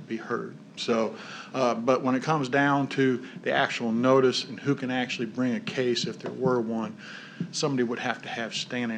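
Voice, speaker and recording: A man giving a measured, cautionary public comment at a county meeting. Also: medium pitch, vocal fry, slight background noise. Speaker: public speaker at a planning meeting.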